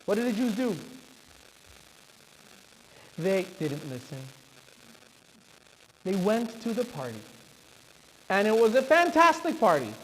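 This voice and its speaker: A man, a rabbi, telling a dramatic story in a sermon at a synagogue. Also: very high-pitched. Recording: reverberant hall, faint background noise.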